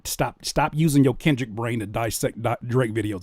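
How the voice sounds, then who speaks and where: A man hosting a reaction video, commenting in a casual, mocking way and getting loud when worked up. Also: mid-range voice, moderate pace, dry recording. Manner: animated, mocking, exclaims loudly when worked up.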